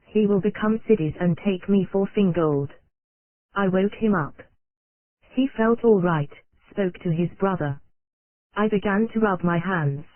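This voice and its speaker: An audiobook narrator reading an old nonfiction text in a steady, unvaried way, spelling out abbreviations letter by letter. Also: mid-range voice, no room sound. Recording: dry, tinny phone-like sound.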